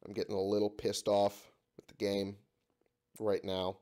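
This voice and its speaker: Sick, cursing low-voiced gaming host. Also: male voice, completely flat delivery, a little slow, dark tone. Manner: swears freely, exasperated at the game. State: sick, voice giving out. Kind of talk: let's-play commentary.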